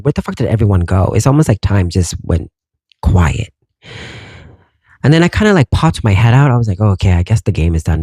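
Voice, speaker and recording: A man's voice: lowish voice, mellow, no echo. A man around forty hosting a podcast, telling a story in a casual, rambling way, swearing freely and wondering aloud. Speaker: podcast host.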